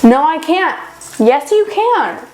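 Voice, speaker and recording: A fretful, worrying male elephant from a children's storybook, as a young woman reads him. He talks slowly and dramatically. Background noise runs under the reading. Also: high-pitched, sing-song, heavily acted. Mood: stubborn. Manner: worried and dramatic.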